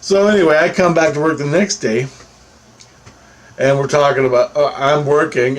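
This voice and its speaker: A man telling a personal story in a rambling, casual way, getting animated when he quotes what others said. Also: medium pitch, poor audio.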